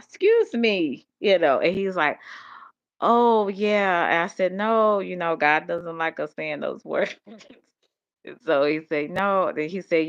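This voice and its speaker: Older woman rambling in a dull recording. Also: sits low. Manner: rambling, animated storytelling with vernacular speech. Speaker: vlogger. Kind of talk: casual monologue. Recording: dull lo-fi audio.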